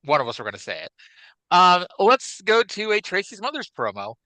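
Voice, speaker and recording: A man's voice: high voice, very animated, brisk, bright, forceful tone, no echo, poor audio. A man co-hosting a wrestling podcast in a casual, rambling chat. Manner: chatty, rambling, with fillers. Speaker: podcast co-host.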